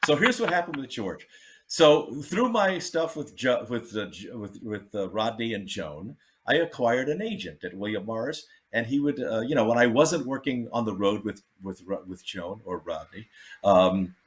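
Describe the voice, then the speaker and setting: A man, a comedian guest, telling backstage stories in a casual, animated way and acting out the people he quotes. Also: on the low side, moderate pace. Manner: animated, acts out quotes, laughs often. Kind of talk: casual storytelling.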